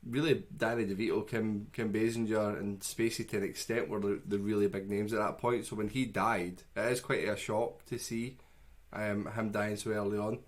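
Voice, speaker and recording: Chatty low-voiced podcast man. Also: steady tone, normal speed. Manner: teasing, enthusiastic, chatty. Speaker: podcast co-host. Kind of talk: casual film review chat.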